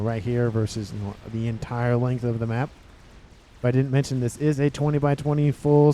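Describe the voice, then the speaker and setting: A man's voice: medium pitch, mellow, slight background noise. A man giving casual, rambling commentary over a strategy game match, often correcting himself mid-sentence. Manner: rambling, self-correcting, musing asides. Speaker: game caster.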